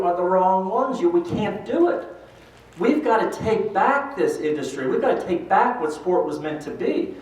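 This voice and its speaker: An older man giving a motivational talk, telling animated stories and acting out the voices of the people in them. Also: on the high side. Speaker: speaker at a pro-life event. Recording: echoey hall from far off.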